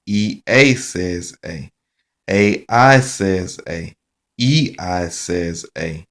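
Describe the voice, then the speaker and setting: A man teaching a phonics lesson, chanting each sound card in a slow, repetitive sing-song drill. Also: low voice, lively intonation, a bit bright.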